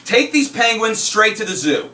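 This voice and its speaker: A man putting on the voice of a stern, exasperated male cop in a spoken joke, shouting in a high scolding voice. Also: sing-song, moderate pace, roomy sound, far from the mic, exaggerated voice.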